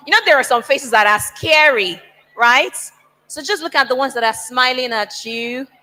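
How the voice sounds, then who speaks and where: A woman hosting a youth event, lively and coaxing as she calls up students and introduces speakers. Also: fairly high pitch, in a large hall, poor audio. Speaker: master of ceremonies.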